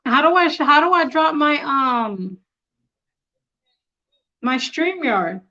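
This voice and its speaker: A woman hosting a casual live stream, excitable and quick to laugh, flustered as she works out the tech on her tablet. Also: sits high, lo-fi sound. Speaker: livestream host.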